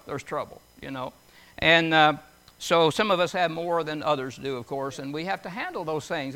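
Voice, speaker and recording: A man's voice: high voice, bright, forceful tone. A man preaching a folksy sermon, reading scripture and telling homely stories, often putting questions to his listeners in a conversational way.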